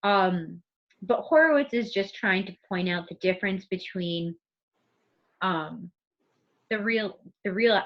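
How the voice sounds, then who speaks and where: A woman's voice: medium pitch, slow, long pauses. A woman teacher co-hosting a casual literature podcast, thinking aloud and reading passages from the book. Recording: muffled recording.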